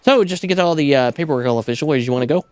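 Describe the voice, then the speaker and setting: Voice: mid-range voice, racing, clean tone, no echo, natural voice. A streamer reading a game's dialogue aloud, voicing an eager male dodo who runs an airport counter with breezy patter. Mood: cheery.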